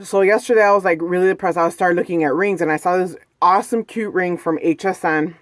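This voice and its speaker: A woman's voice: on the low side, brisk, no room sound, clean studio sound. A woman vlogging from home, telling a personal story in a chatty, rambling way full of "like" and "you know". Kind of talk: casual personal storytelling vlog. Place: at home, indoors.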